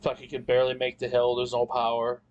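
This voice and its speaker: A man tells a long story in a casual chat, rambling and cursing and restarting his sentences. His voice sits at an ordinary middle pitch. A faint hiss of background noise runs under the recording. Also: monotone, fast talker, darkish tone, highs cut off. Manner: rambling, profane, frequent restarts. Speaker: podcast guest.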